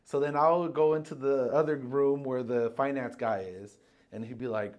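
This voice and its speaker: A man's voice: mid-range voice, fairly quick, darkish tone. A man guest casually telling a story on a podcast, acting out quotes and swearing freely.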